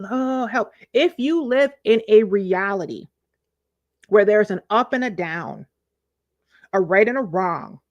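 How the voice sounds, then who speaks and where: A woman's voice: mid-range voice, dry recording. Woman livestream host, casual, emphatic delivery, dry slightly dull mic. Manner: animated, talks to chat, emphatic repetition.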